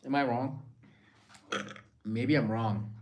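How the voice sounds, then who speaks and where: A man's voice: medium pitch, fairly even intonation, slow pace, darkish tone, slight background noise. A man hosting a live stream in a casual, rambling way, reading out viewer comments and answering them.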